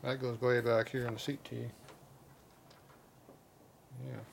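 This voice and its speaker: Man, gravelly voice, blunt mechanic muttering while he works, clanking tools and shop noise behind. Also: mid-range voice, little pitch movement, fast. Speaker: motorcycle mechanic. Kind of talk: casual workshop commentary. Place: motorcycle repair workshop.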